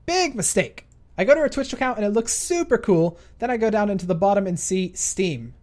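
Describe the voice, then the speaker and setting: A man's voice: high voice, lively intonation, quick pace, a little mellow. A man, a gaming YouTuber, narrating a storytime account with playful, self-correcting asides.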